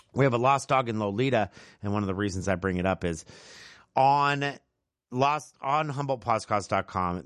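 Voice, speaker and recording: Laid-back guy radio host, low voice, playful folksy chatter, dry studio sound. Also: a bit bright, no echo. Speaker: radio morning show host. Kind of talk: casual radio chat with listener announcements. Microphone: studio microphone.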